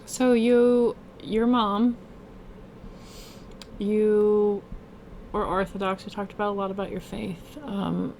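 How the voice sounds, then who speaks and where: A woman's voice: medium pitch, level tone, takes it slowly, long pauses, darkish tone, a little hiss or hum. A woman hosting a casual chat, asking friendly questions. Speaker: host.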